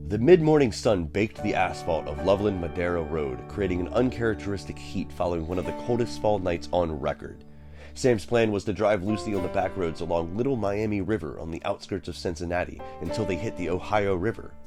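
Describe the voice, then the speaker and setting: A man reading a dramatic story aloud as narrator, with slow storytelling. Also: low-pitched, animated, over music. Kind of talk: audiobook narration.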